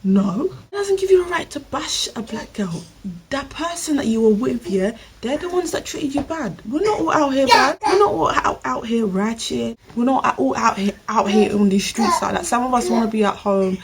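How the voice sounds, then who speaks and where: A woman's voice: a little high, expressive, normal speed, hardly any pauses, background noise. Emphatic woman vlogger. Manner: emphatic, talks straight to the viewer. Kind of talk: opinion vlog commentary.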